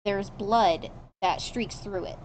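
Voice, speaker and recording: A woman acting as game master for a tabletop horror game, describing each scene to her players. Her talk is loose and casual, full of fillers and quick asides. Her voice sits in an ordinary middle pitch. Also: darkish tone, a little hiss or hum, poor audio.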